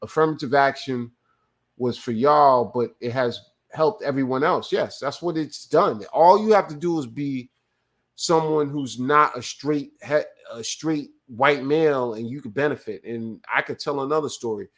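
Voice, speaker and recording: Profane livestream host telling stories. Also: male voice, mid-range voice, normal speed. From California. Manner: profane, loose storytelling with restarts; reads viewer chat aloud and answers it. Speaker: live show host. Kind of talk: casual livestream commentary.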